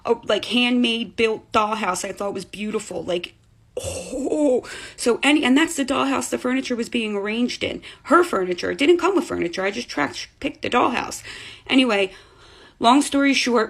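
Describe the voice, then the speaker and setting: A woman in her thirties telling a spooky family story in a casual, animated way, talking into a phone. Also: mid-range voice, gravelly. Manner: chatty, animated, acts out voices in quotes.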